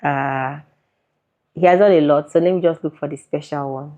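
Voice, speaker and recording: A woman with a Nigerian accent, a content creator, chats casually as an interviewee and laughs often. Her voice sits low and is mellow and steady, at a moderate pace, captured on a muffled lo-fi recording.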